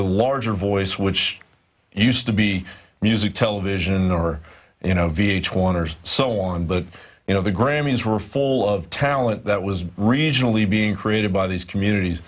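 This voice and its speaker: Low-voiced hesitant male reporter. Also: moderate pace. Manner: rambling, hesitant, many fillers. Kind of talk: studio news discussion. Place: news studio.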